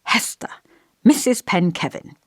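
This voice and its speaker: A woman reading an audiobook and voicing a kindly, hesitant male village vicar with a gentle, scholarly voice. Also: mid-range voice, lively intonation, a little slow, breathy edge, no room sound, clean studio sound, voice pushed up. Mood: earnest. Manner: kindly, hesitant, over-polite. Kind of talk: audiobook character voice.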